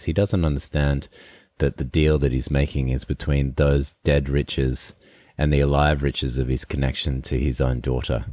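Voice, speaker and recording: A man hosting a podcast, retelling a fairy tale in a relaxed, conversational way before discussing it. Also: a bass voice, no room sound, clean studio sound. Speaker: podcast host. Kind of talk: conversational storytelling and commentary.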